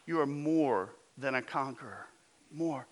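A man preaching a sermon as pastor, emphatic, with his voice often dropping low and intense. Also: lively intonation, a little slow.

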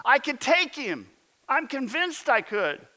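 A man's voice: very high-pitched, big pitch swings, slow, bright, forceful tone, pitched above the performer's own voice, full character voice. A man putting on the voice of an overconfident male friend who insists he can win a boxing match. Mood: insistent. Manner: insistent, boastful. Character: overconfident adult male buddy, boxing fan.

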